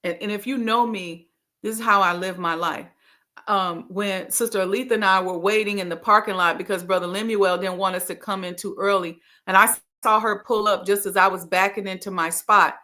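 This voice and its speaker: Speaking a little fast in a steady, mid-range voice with a bright, forceful tone, a middle-aged woman leads a Ramadan gathering. Her motivational sermon is emphatic and full of repeated key lines, and she engages the crowd like family through folksy call-and-response.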